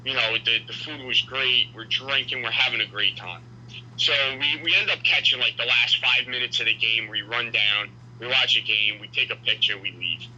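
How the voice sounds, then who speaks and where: A man telling a story in casual podcast chat, animated and profane. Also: mid-range voice, normal speed, breathy edge, muffled recording. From New York.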